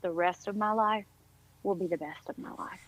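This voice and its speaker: A woman's voice: mid-range voice, moderate pace, rough recording. A woman speaking as a podcast guest in casual conversation, upbeat, encouraging and effusive.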